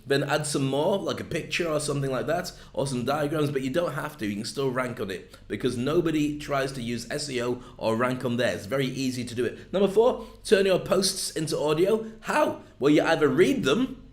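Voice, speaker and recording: A man's voice: medium pitch, a little fast, few pauses, reverberant. A man with a northern English accent, giving a chatty, jokey video lesson on content marketing. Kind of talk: casual video lesson to camera.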